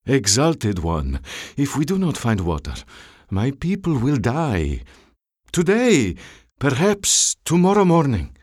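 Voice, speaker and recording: A man's voice: medium pitch, wildly swooping pitch, slow, darkish tone, no room sound, studio quality, voice pushed up, full character voice. A man playing a wary desert commander in an audiobook, who speaks carefully and deferentially to superiors he fears. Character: wary soldier commander serving cruel masters. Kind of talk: audiobook character voice.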